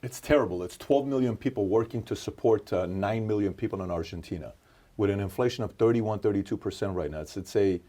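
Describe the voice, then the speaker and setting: Low mellow male interviewer. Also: quick pace. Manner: agreeable, rambling questions.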